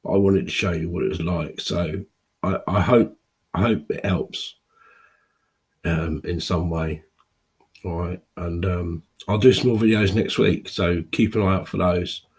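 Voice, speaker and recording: A tearful man in his fifties speaking a raw, halting personal monologue to camera, with pauses and restarts. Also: deep voice, fairly even intonation, darkish tone, breathy edge. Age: 50s. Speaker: video blogger.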